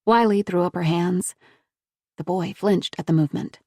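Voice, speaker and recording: A woman narrating a thriller audiobook in a measured, even storytelling manner. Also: fairly low pitch, no room sound, clean studio sound.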